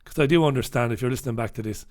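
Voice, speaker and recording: Racing along in a mid-range, darkish voice, a middle-aged British host reads the papers on a casual livestream. He greets viewers irreverently and swears freely.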